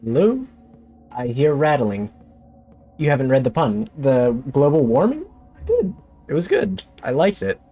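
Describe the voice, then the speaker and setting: A man's voice: medium pitch, big pitch swings, moderate pace, dark tone, faint music behind. A man streaming a horror game, talking to himself in jumpy, joking commentary. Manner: jumpy, talks to himself, jokey. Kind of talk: let's play commentary.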